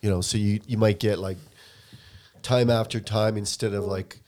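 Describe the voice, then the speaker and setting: A man co-hosting a casual podcast, talking in a relaxed, thoughtful and agreeable way. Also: fairly low pitch, moderate pace. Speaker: podcast co-host and musician. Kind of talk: casual chat.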